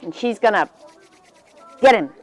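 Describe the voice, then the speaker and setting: Animated woman telling a story to children. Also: medium pitch, measured pace. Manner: animated, expressive, addresses listeners directly. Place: library.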